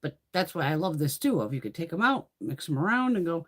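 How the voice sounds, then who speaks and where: A woman's voice: deep voice, very animated, fast, few pauses. A middle-aged woman hosting a casual beauty livestream, chatting freely, swearing often and laughing between thoughts. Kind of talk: casual live chat.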